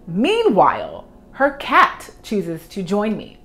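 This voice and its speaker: A young woman, a professional organizer, telling an animated story in a vlog while she tidies, acting out her own past reactions. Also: fairly low pitch, a little slow, few pauses, faint music behind.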